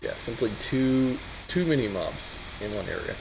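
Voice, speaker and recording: A man's voice: mid-range voice, lively intonation, moderate pace, gravelly, noisy background. A man giving casual, chatty commentary on his gameplay, thinking aloud as he plays. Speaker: let's play streamer. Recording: game music playing behind the voice.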